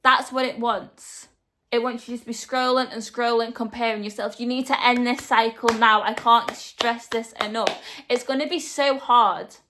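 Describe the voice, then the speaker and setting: A young woman's motivational vlog has her speaking straight to viewers at normal speed, her fairly high voice steady yet sharp. She's earnest and direct, emphasizing points by saying them again.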